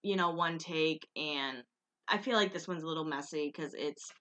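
A woman with a very bright, forward voice talks casually to her viewers in one unrehearsed take. She rambles, corrects herself and laughs easily. She sounds a bit tired. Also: low voice, moderate pace. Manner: chatty, rambling, self-correcting, laughs often. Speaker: vlogger recapping a reality show.

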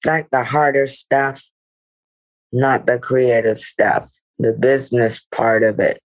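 A woman's voice: rumbling low, steady tone, takes it slowly, poor audio. A middle-aged woman, a guest actress, speaking reflectively in a podcast interview with meandering "you know" asides.

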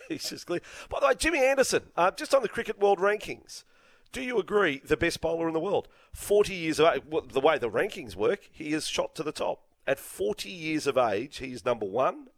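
A man's voice: fairly high pitch, dry recording. A male Australian sports radio co-host, opinionated and blunt, who gets fired up as he argues his point in a studio. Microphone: studio microphone.

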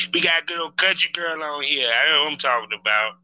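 A man hosting a casual interview in a loose, excitable way, often repeating himself. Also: fairly high pitch, a little fast, rough recording. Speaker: podcast host.

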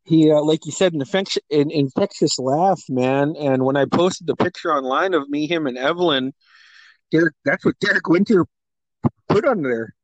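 A man in relaxed conversation, recalling old memories with plenty of laughter. He slips into higher, punchier voices when quoting people. The sound is close and dry, with no room echo. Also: moderate pace. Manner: animated storyteller, acts out quotes in a higher voice; laughs often, many fillers. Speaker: friend sharing memories. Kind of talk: casual storytelling chat.

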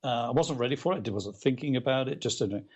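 Man, middle-aged, author guest, casual storytelling, mid pitch, rambling. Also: fast talker, slightly rough. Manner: rambling and animated, with frequent fillers and restarts.

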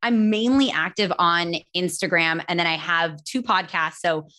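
A woman's voice: fairly low pitch, sharp tone. A woman podcaster talking about herself as a guest in a casual interview, chatty and self-deprecating, often laughing at herself. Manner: fast, restarts mid-sentence.

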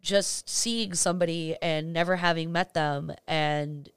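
A woman in her thirties with a fairly low voice, speaking as a guest DJ in a casual podcast conversation. She talks in animated rushes, full of "like"s and casual swearing. The sound is clear and dry, close on the mic. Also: no echo. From Boston area scene.

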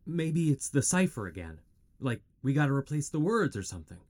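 A man's voice: mid-range voice, very animated, a little fast, a little mellow, close to an everyday voice. An actor playing a level-headed young man who talks through ideas in a matter-of-fact way. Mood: calm.

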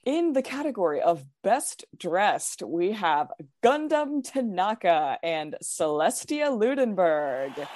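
A woman's voice: medium pitch, very animated, darkish tone. Woman in a grand announcer voice. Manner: slow, grand, drawn-out announcing. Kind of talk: mock-dramatic announcer reading results.

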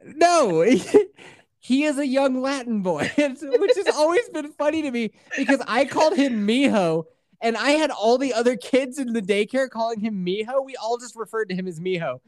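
A young man co-hosts a podcast, telling a rambling story while swearing and laughing a lot in a casual storytelling chat. His voice is very high and animated, at a moderate pace, recorded in studio quality with no echo.

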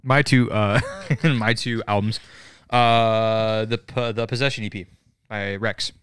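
A man's voice: on the low side, steady tone, slow pace, a bit bright, smooth, no room sound, studio quality. A man co-hosting a podcast who riffs on jokes, laughs often and swears freely. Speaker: podcast co-host. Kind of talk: casual chat.

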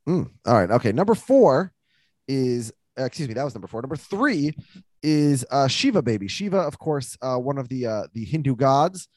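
A male podcast host with a mid-range voice chats casually while running through a list, joking and teasing in a quick, lively way. The recording has no echo.

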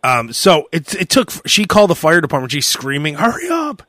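A young man chats on a podcast, spinning a story with a voice that leaps up and down as he acts out other people's shouts. His tone is bright and forceful, a little higher than most men's. The sound is close and dry. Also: fairly quick, dry recording. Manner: animated storyteller who acts out shouted quotes. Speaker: podcast host. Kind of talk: casual podcast chat.

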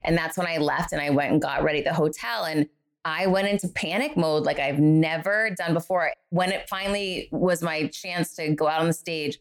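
A woman's voice: low-pitched, normal speed. A middle-aged woman, a guest author, telling a story in a podcast interview and acting out the voices of the people in it. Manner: animated, acts out quoted voices.

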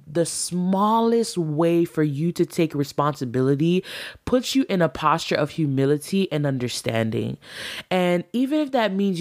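A woman's voice: low voice, dry recording, studio quality. A woman teaching a class on marriage, earnest and encouraging, speaking straight to her listeners.

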